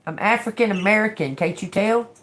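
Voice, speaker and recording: On a casual tarot live stream, a woman with a medium-pitched, fairly bright voice speaks fairly quickly. She's encouraging, keeps asking "okay?" at the ends of lines, often repeats or restarts words, and sneaks in sarcastic jokes.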